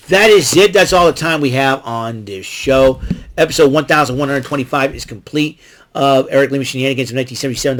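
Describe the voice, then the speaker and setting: Rambling, excitable male host, slightly high voice, casual solo recap. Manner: rambling, excitable, talks back to wrestlers he recaps. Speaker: podcast host recapping wrestling.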